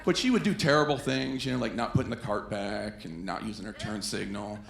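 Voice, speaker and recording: A man's voice: on the low side, brisk, gravelly, noisy background. A man performing a stand-up comedy set on a club stage, telling stories and acting out quoted voices. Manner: animated storytelling with quoted voices. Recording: echoey club with faint ambience.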